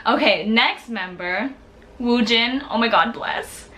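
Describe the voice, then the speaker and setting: A young woman from the United States, telling a story in a casual vlog, excitable and gushing, with lots of "like.". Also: a little high, takes it slowly. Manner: excitable, gushing, heavy use of "like". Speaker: vlogger.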